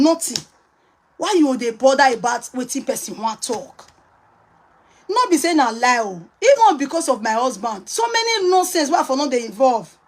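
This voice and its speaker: A woman's voice: high-pitched, rough recording. A woman with a Nigerian accent talking on a phone live video, emphatic and repetitive, mixing Pidgin and English. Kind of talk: angry live-stream rant.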